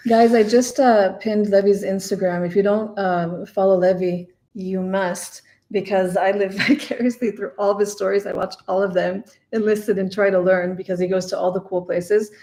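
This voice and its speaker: A woman's voice: medium pitch, fairly even intonation, moderate pace, hardly any pauses, dark tone. A woman hosting a live stream, talking chattily and directly to her viewers. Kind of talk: casual live stream chat.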